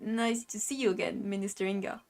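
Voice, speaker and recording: A woman's voice: medium pitch, steady tone, a little fast, creaky, close to an everyday voice. A woman voicing an earnest young male defense lawyer who speaks politely and firmly.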